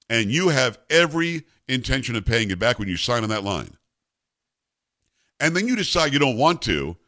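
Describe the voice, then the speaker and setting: A man's voice: medium pitch, sharp tone. A man in his fifties hosting a talk radio show, giving opinionated commentary in an emphatic, conversational way and mixing in personal stories.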